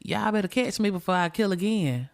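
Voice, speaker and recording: A woman's voice: mid-range voice, lively intonation, a little fast, pitched above the performer's own voice, lightly acted. A woman voicing a boastful male killer who taunts the police by phone, in a casual, offhand way. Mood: bragging, taunting.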